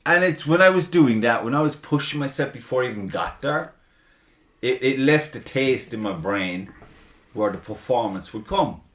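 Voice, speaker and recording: Animated, swearing man in a roomy space. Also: medium pitch, normal speed. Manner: profane, self-mocking, animated. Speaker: podcast host. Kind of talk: casual chat. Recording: roomy echo.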